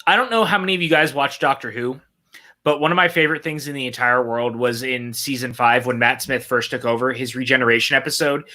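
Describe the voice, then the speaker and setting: A man's voice: medium pitch, quick pace, pushed and bright. A man hosting a casual movie watch-along chat, enthusiastic and teasing, with occasional swearing. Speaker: podcast host.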